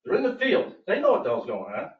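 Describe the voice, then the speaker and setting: A man's voice: high-pitched, huge pitch swings, quick pace, echoey room, far from the mic, muffled recording. A man speaking at a public board meeting, telling his complaint with emphatic, aggrieved storytelling and quoting others. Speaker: property owner speaking at public comment.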